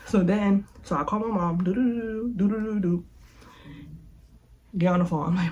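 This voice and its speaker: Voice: mid-range voice, normal speed, long pauses, slight background noise, poor audio. A young adult vlogger telling a personal story casually, acting out quotes and filling gaps with "like" and "da, da, da.". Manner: animated, acts out quotes, says "like" and "da da da" a lot.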